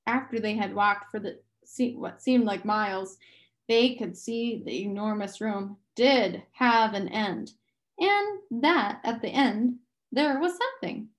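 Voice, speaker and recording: A woman reading a novel aloud slowly and carefully. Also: fairly high pitch. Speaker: audiobook reader.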